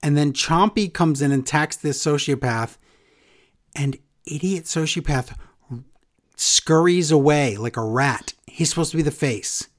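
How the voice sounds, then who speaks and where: A man's voice: fairly high pitch, measured pace. A man co-hosting a casual podcast, sarcastic and exasperated, with mocking impressions. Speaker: podcast co-host. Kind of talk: casual chat recapping wrestling.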